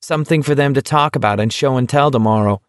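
A man's voice: mid-range voice, fast talker, dry recording, studio quality, lightly acted. A man doing a sneering, mocking young man. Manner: taunting, sarcastic.

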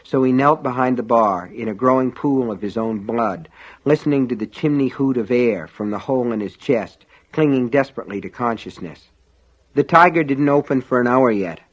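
A man narrating a novel in an even, measured reading. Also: mid-range voice. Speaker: audiobook narrator. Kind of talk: scripted audiobook narration. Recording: dull lo-fi audio.

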